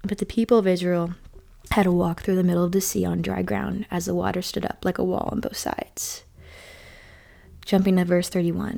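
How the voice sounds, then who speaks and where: A woman giving a casual devotional talk and reading scripture aloud, often dropping into a soft, whispery, slowed delivery on key phrases. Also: lowish voice, flat delivery, gravelly. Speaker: devotional speaker.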